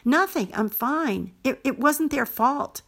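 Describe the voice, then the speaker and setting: An earnest young boy who pleads and speaks up for his friends, as a woman reading the story puts him on. The voice is pitched higher and pushed louder, keeping a husky, gravelly grain. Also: animated, slow pace, heavily acted.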